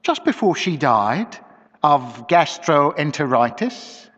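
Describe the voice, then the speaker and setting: A man reading the part of a cold, scheming older woman servant, who speaks quietly and with measured, outwardly respectful slowness. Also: a little high, very animated, heavily acted. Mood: quietly menacing. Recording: dull lo-fi recording with long reverb.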